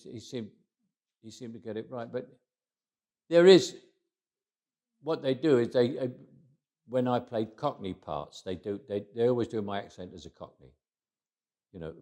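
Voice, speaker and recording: An older Englishman with a London accent tells stories in a relaxed interview. His voice sits very low, and he talks in a wry, anecdotal way, often stopping to restart a phrase before slipping into quoted dialogue. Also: normal speed, long pauses. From England. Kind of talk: casual interview storytelling.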